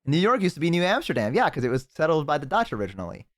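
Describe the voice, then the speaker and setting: A young man streaming and chatting casually with a friend on a call, excitable and swearing a lot, with sudden high-pitched outbursts. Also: rapid-fire, no echo, clean studio sound. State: has the hiccups.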